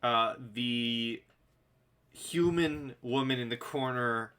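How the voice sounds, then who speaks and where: A man narrating as game master of a tabletop game, halting and full of fillers. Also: mid-range voice, pushed and bright, smooth.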